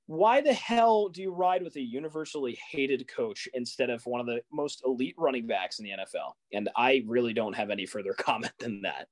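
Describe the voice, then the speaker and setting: A young man co-hosting a sports podcast in a relaxed, casual chat. He gets worked up in animated rants and fires off rising, exasperated questions. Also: mid-range voice, brisk, hardly any pauses. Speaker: podcast co-host.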